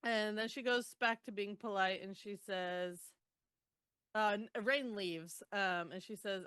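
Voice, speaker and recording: A woman's voice: medium pitch, normal speed, clean tone, no room sound. Woman recapping a book, dry close sound. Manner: animated retelling, groans and laughs. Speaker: podcast co-host. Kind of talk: casual book recap chat.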